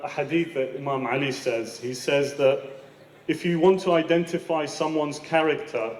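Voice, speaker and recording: A man's voice: medium pitch, a little hiss or hum. A man, a former student, giving a light-hearted, self-deprecating anniversary speech. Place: school event hall. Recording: echoey hall, speaker far from mic.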